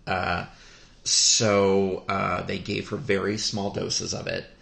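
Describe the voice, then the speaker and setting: A man telling a personal story on a podcast, speaking in a halting, heartfelt way with many pauses. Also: low-pitched, little pitch movement, gravelly, fairly bright tone. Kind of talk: podcast conversation. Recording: roomy echo.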